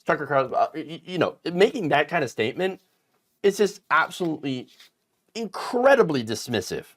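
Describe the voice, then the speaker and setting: A man delivering political commentary with an indignant, emphatic edge. His pitch swings widely as he stresses words, and he stumbles through fillers and restarts as he talks. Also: sing-song, a little fast.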